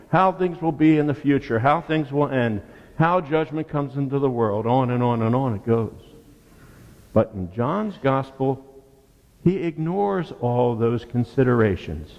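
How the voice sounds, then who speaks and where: Male pastor, slow measured sermon delivery, mid-pitched, long church reverb. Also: lo-fi sound. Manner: deliberate preaching, rhetorical questions and emphatic repetition. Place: church sanctuary.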